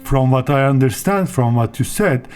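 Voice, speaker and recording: A man co-hosting a casual podcast over online voice chat, chatty and quick to laugh, with hesitant phrasing. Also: medium pitch, expressive, a little mellow, smooth, faint music behind. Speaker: podcast co-host.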